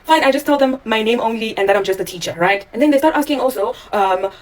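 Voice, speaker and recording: A woman who teaches in Japan, telling a story vlog-style and acting out the dialogue in it with animated voices. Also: on the high side, a little fast, hardly any pauses, recorded from a distance. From South Africa.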